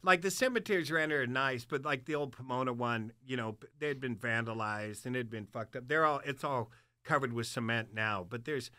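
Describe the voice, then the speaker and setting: A man's voice: medium pitch, brisk, sharp tone, clear, resonant tone, no echo. An older man telling a wild story in casual chat, profane and laughing through it. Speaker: guest storyteller.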